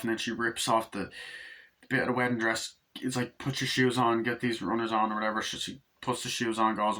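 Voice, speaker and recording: Man reviewer, bright forceful voice, rambling casual recap that leaps into shrill acted-out character lines. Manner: rambling, acts out scenes in jumpy high voices, lots of swearing. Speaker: movie reviewer.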